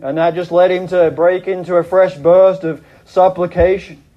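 A man's voice: flat delivery, moderate pace, muffled recording. A man preaching a sermon, earnestly retelling a story with dramatic drops and rises in his voice. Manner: earnest, dramatic retelling, voice dropping low and rising in quoted prayers. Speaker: pastor.

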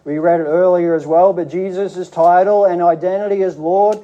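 High-voiced man preaching a sermon. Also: fairly even intonation, mellow, dull audio. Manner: earnest, measured teaching with repeated restarts.

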